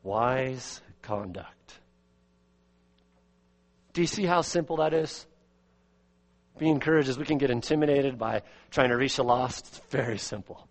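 A man preaching an expository sermon as pastor, earnest, repeating words and swinging from loud emphasis to quiet asides. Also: medium pitch, a little slow, pauses often, long reverb tail. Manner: earnest, repeats words, rises and drops sharply in volume.

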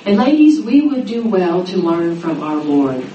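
A middle-aged woman preaches to a room of women, her voice swinging widely in pitch as she acts out each quoted speaker. She stands some way from the mic in an echoing hall, with a faint hiss of noise underneath. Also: measured pace, lo-fi sound. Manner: animated, dramatizing quotes with rising pitch. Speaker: women's Bible teacher. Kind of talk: sermon to a women's gathering. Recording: roomy echo, mic at a distance, faint noise.

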